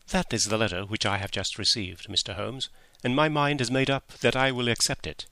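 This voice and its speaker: A man reading a story aloud in measured scripted narration. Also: medium pitch, fairly even intonation, sharp tone, no echo. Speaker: audiobook reader.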